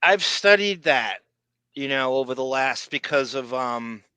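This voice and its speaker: A man from Long Island co-hosting a podcast, talking in an animated, excitable way with frequent restarts. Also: mid-range voice, unhurried, clear, resonant tone, no echo. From Long Island, New York. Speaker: podcast co-host. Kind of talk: casual chat.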